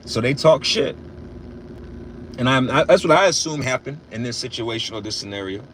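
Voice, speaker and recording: A man giving a casual, preachy religious monologue, blunt and profane, with loud emphatic bursts. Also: mid-range voice, expressive, normal speed, noisy background. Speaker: religious commentator.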